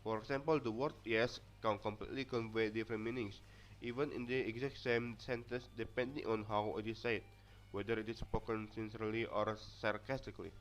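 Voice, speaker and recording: The speaker is a young adult male, a native Indonesian speaker with the accent to match, reading a class presentation from notes amid frequent restarts and stumbles. He talks fairly quickly in a lowish, steady voice, and the audio is dull lo-fi.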